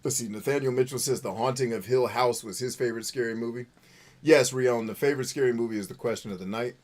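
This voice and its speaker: A man's voice: medium pitch, fast talker, a little mellow. A man hosting a live game stream, chatting with viewers in a profane, joking, self-mocking way. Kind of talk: live gameplay commentary reading chat.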